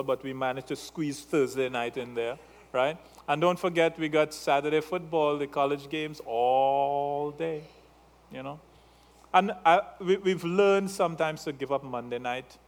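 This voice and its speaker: A male pastor with an accent, preaching a sermon in a playful way, teasing his congregation and checking in with them through frequent questions. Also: on the high side. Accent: non-native English.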